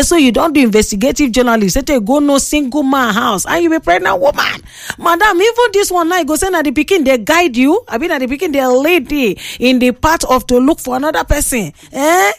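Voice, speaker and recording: A woman with a Nigerian accent hosting a talk show, reading out listener comments with animated, teasing exclamations. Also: high-pitched, fairly quick, creaky, hardly any pauses, no echo, studio quality. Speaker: radio call-in host reading listener comments.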